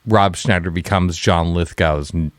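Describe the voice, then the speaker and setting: A man with a low voice rambles eagerly through an invented movie plot, full of fillers and restarts. His voice sits deep and is recorded close, with a dry, dead sound. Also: measured pace, dry recording. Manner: excitable, rambling, lots of fillers. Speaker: podcast co-host. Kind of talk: casual comedic brainstorming chat.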